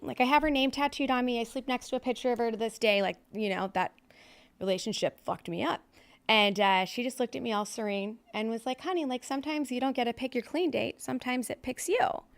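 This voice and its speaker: Her voice is slightly high, fairly bright and smooth. She's a thirtysomething Southern Californian guesting on a podcast, recounting her recovery in a frank, blunt manner packed with filler words.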